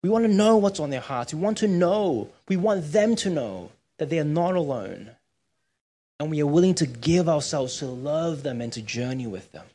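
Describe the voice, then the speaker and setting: A man's voice: fairly high pitch, dark tone. A man preaching a sermon in church, conversational and often checking in with his listeners. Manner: conversational, often asks "right?".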